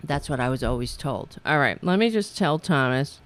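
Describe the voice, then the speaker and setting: A woman's voice: sits low, animated, moderate pace, hardly any pauses. A woman hosting a live political talk stream, reading news items and making blunt, profane asides, on a mic that sounds tinny. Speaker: political talk show host.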